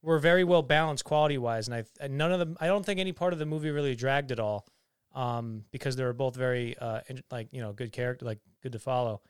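A man's voice: mid-range voice, quick pace, clear, resonant tone, dry recording, clean studio sound. A young man co-hosting a casual movie review podcast, rambling with lots of fillers and teasing his friend. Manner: rambling, heavy on fillers and restarts; teasing, joking banter. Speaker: podcast co-host.

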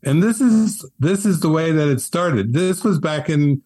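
Gentle, articulate man, dry close sound. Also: a little high, animated, a little slow, no echo. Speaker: spiritual teacher, guest. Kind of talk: relaxed spiritual storytelling.

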